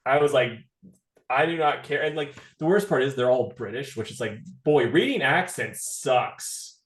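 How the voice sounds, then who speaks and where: A man's voice: medium pitch, expressive, moderate pace, roomy sound. A man co-hosting a podcast, chatting casually and bluntly about comic books, swearing now and then. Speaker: podcast co-host. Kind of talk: casual comic book review chat.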